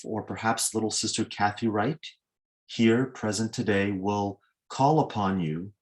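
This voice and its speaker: A man moderating a video-call question session, courteous and lightly joking, with frequent ums and uhs. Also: on the low side. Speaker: moderator of an online Q&A.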